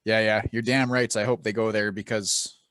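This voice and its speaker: A man's voice: fairly low pitch, level tone, moderate pace, fairly bright tone, clear, resonant tone, no room sound. Rowdy, swearing Canadian guy. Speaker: podcast co-host. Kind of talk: casual chat.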